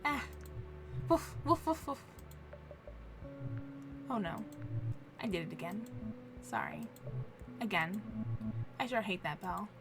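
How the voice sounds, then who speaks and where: A woman's voice: mid-range voice, wildly swooping pitch, slow, long pauses, heavily acted. A woman voicing a cheerful, simple-minded male ghost dog who talks eagerly and innocently, with game music behind.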